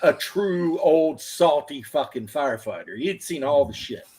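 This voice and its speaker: A man's voice: fairly high pitch, lively intonation, unhurried, a little mellow, husky. A man in his thirties, a former firefighter, telling rambling, profane stories in casual chat. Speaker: podcast host, former firefighter.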